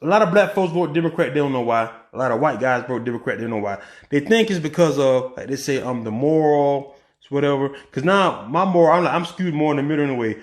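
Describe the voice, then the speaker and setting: A man giving casual political commentary in a vlog, talking in an animated way with rhetorical questions and many restarts. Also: mid-range voice, fast, echoey room. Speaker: vlogger.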